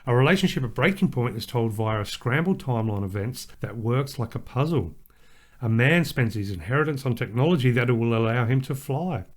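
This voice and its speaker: A man's voice: medium pitch, animated, brisk. An Australian man co-hosting a podcast, chatting casually and rambling with fillers and restarts. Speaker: podcast co-host. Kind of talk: casual chat.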